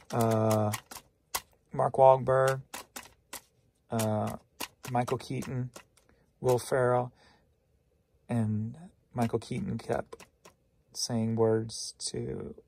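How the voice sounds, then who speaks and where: A man's voice: mid-range voice, level tone, very slow, gravelly, pauses often, a little mellow, a little hiss or hum. A tired man rambling through a casual solo vlog about his sales, teasing himself and laughing to himself. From St. Louis, Missouri. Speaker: reseller vlogger.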